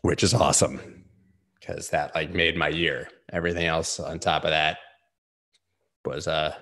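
A man with a low, gravelly voice that has a bright edge hosts a casual live stream of chart analysis. He talks loosely and rambles, with lots of "like" and easy swearing. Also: level tone, measured pace. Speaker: host.

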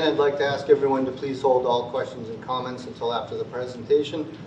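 A man with a medium-pitched, fairly flat voice speaks a little fast, his tone a little mellow, with slight background noise. He delivers a heartfelt prepared presentation to a town meeting in a school auditorium, earnestly repeating rallying phrases and getting choked up with emotion at times. The recording is roomy, distant and dull.

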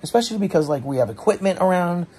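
A man's voice: high voice, lively intonation, fast, a little mellow, breathy edge. A man telling a frustrating story in a casual vlog, rambling and self-questioning, his voice a bit congested from allergies. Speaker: vlogger.

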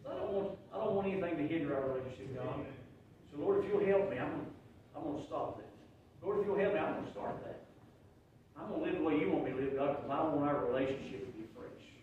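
A man's voice: on the high side, fast talker, phone-quality sound, slight background noise. A man, preaching a heartfelt sermon as pastor, often restarting his sentences. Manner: earnest, emotional preaching with repeated restarts. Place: church sanctuary. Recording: very echoey room, mic at a distance.

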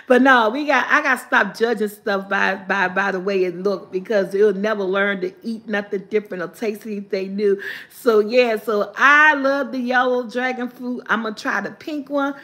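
A woman's voice: medium pitch, normal speed, pushed and bright. An older woman hosting a casual live vlog, chatting with viewers, reading their comments aloud and laughing often. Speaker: vlogger.

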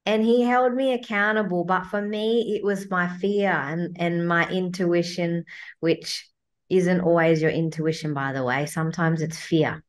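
A woman's voice: on the low side, steady tone, measured pace. A woman, a guest coach, talking bluntly and swearing freely as she acts out her inner voice in a casual chat.

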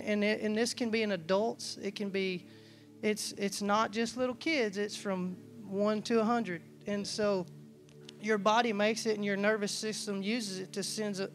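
A man's voice: sits high, a bit bright. A man preaching a conversational sermon, telling personal stories in a loose, folksy way and often restarting his sentences. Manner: folksy, storytelling, acts out quoted dialogue; casual, loose, frequent restarts and asides. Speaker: church staff preacher.

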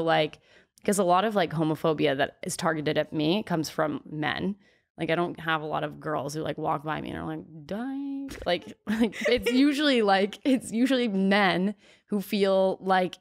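A young woman in her twenties, a podcast guest, telling stories in a candid, chatty way with lots of "like" and quick laughs. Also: fairly low pitch, gravelly. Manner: chatty storyteller, heavy use of "like", frequent laughs.

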